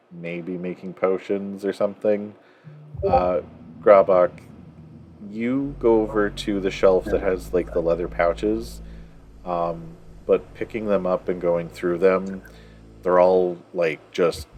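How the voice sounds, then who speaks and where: A man's voice: low voice, darkish tone, a little hiss or hum. A man narrating as game master of a tabletop game, with many hesitant fillers.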